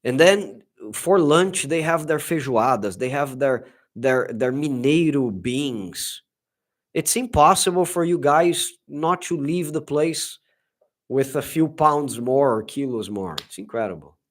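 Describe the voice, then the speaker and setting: A man's voice: mid-range voice, unhurried. A middle-aged man from Brazil with a Brazilian Portuguese accent, chatting casually and enthusiastically on a livestream, often restarting his sentences. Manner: enthusiastic, gushing, frequent restarts. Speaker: livestream host.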